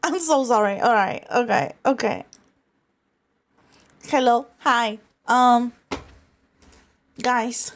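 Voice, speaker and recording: High-pitched, slow-talking woman streamer. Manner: frustrated ranting, swearing, with stammered restarts. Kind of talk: casual livestream chat.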